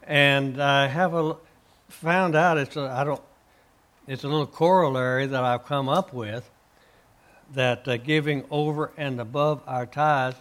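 A man with a middle-pitched voice tells his faith testimony in earnest. His speech is halting, full of uh fillers and restarts, as he answers the host's questions. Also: steady tone, a bit bright. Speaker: guest, author and minister.

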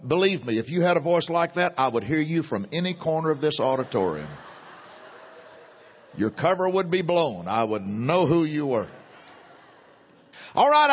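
A middle-aged man preaching a sermon, animated and chuckling between points. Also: fairly high pitch, long reverb tail. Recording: dull lo-fi sermon recording.

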